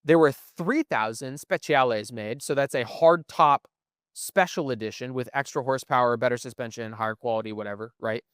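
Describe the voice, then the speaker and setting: A man's voice: medium pitch, normal speed, fairly bright tone, smooth, no room sound, studio quality. A young man co-hosting a podcast, explaining things at length in casual chat and often asking "right?". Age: young adult. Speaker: podcast co-host. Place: museum.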